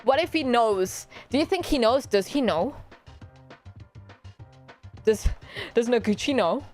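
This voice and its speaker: A woman's voice: animated, unhurried, a little mellow, faint music behind. A British woman streaming as a VTuber, chatting casually and playfully, laughing and teasing her viewers. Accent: British English. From Britain. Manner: playful, giggly, teasing, often bursting into high squeals. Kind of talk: casual chat.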